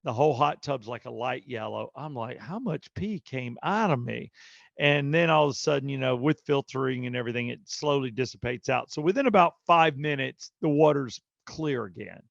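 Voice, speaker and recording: A man's voice: mid-range voice, brisk, gravelly, hardly any pauses, dry recording, dull audio. A man co-hosting a podcast, telling a casual story and animatedly acting out the people in it with voices. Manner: animated, acts out quotes with voices. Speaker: podcast co-host.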